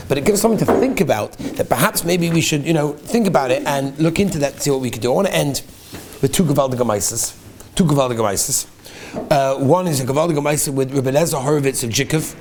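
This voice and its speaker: A man, a rabbi, teaching a class on prayer, animated and acting out little scenes, often repeating a word as he restarts. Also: fairly high pitch, fast talker, noisy background. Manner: animated, acts out little scenes, repeats words when starting over.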